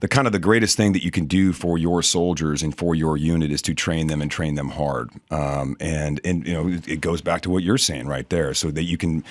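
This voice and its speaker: Man, middle-aged, interview guest, deep voice, dry sound, earnest, halting. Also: steady tone, no room sound. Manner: earnest and measured, with many fillers. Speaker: army officer guest. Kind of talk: interview answers.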